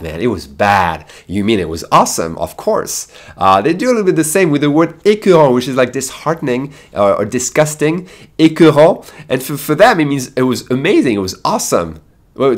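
A man from France with a French accent, teaching a casual video lesson in a chatty, animated way. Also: medium pitch. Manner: chatty and animated, often laughs at the examples.

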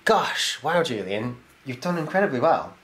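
A man hosts his own YouTube channel, opening viewer mail and reading the letters aloud in a cheerful, chatty way while talking to the camera. His medium-pitched voice is very animated and a bit bright, with an enthusiastic, moderate pace and frequent laughter. A little hiss or hum sits in the background.

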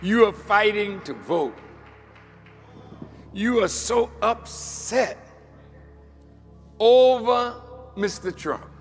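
High-voiced man preaching slowly in a hall. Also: lively intonation, soft background music. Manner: dramatic preaching, swinging from hushed to shouting. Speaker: minister. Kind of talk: sermon.

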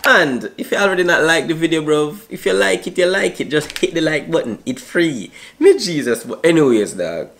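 A man's voice: fairly high pitch, animated, moderate pace, hardly any pauses, a bit bright. A young man with a Jamaican accent chatting casually and joking in slangy banter as a YouTuber. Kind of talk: casual vlog chat.

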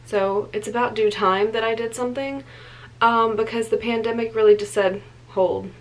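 A woman's voice: fairly high pitch, flat delivery, moderate pace, low-quality recording. A young woman chatting casually to camera in a vlog, tired, rambling with lots of ums and likes. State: tired late at night. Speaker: vlogger.

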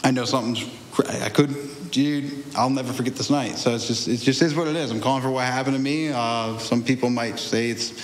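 A man's voice: mid-range voice, fairly even intonation, a little fast. Young man telling a rambling testimony. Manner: rambling, restarts often, laughs through hard memories. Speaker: guest sharing a testimony. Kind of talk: candid conversational testimony. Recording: echoey room with faint ambience.

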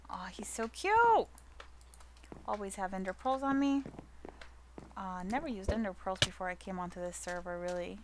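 A young woman hosting a casual gameplay commentary video, bubbly and playful, cooing at a pet in a high baby-talk voice. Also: expressive, normal speed, long pauses, noisy background. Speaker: gaming channel host.

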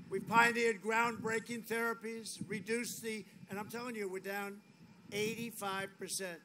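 A man giving a rambling, boastful rally speech outdoors, full of repetition and asides. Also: sits high. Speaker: political speaker at a rally. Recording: noisy outdoor rally audio.

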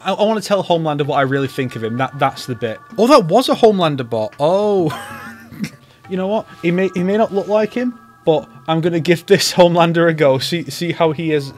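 A man's voice: a little high, expressive, fairly quick, soft background music. A man hosting a YouTube video, giving comedic commentary with wry, sarcastic asides. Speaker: YouTuber host.

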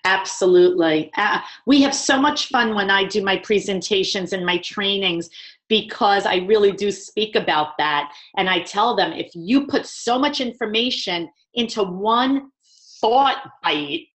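A woman's voice: medium pitch, measured pace, a bit bright. A woman with a New York accent, a communication trainer speaking emphatically in a webinar conversation.

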